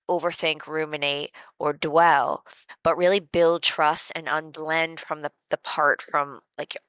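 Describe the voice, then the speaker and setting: A woman teaching a guided emotional self-help lesson in a gentle, conversational way, with many casual fillers. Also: deep voice, clear, resonant tone, dry recording, rough recording.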